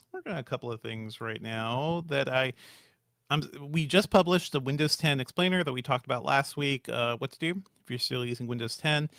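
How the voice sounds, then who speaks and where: A man's voice: mid-range voice, creaky, fairly bright tone, no room sound, clean studio sound. A man co-hosting a podcast, chatting casually and pressing his points with repeated warnings. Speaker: podcast co-host.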